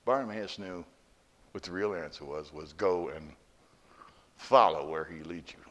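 A man preaching a sermon and telling a story, moving between hushed, quiet lines and loud, emphatic ones. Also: deep voice, a little slow. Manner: animated, swings from hushed to loud. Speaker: pastor.

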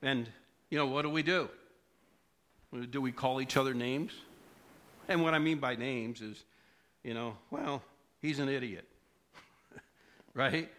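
A man's voice: medium pitch, sharp tone, smooth. A middle-aged male preacher telling a personal story in a sermon, asking the congregation questions along the way. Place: church.

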